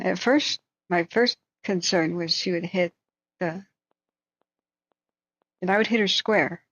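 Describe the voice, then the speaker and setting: A woman hosting a live stream, chatting casually and thinking aloud as she tells a story. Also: lowish voice. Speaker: livestream host. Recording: dull, dry lo-fi sound.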